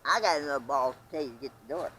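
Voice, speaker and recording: A man telling stories in casual chat outdoors, gruff and animated, acting out arguments and swearing often. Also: mid-range voice, fast, a little hiss or hum, low-quality recording. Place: outdoors on a street.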